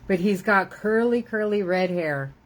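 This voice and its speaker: A woman's voice: mid-range voice, a little slow, rough recording. Chatty grandmother crafting on a live stream. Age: older. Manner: chatty, rambling, laughs often. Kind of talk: casual live-stream chat.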